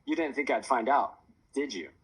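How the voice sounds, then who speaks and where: A man's voice: mid-range voice, animated, normal speed, slightly rough, voice pushed up, poor audio. Man putting on a teasing upbeat mom. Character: playful energetic mother of three, woman.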